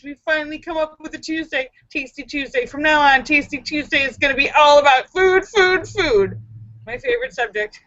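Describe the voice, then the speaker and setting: A woman's voice: high-pitched, moderate pace, a bit bright, dry recording, highs cut off. A woman hosting a casual live stream from home, greeting viewers by name and telling a story with squeals and exclamations. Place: home in the city.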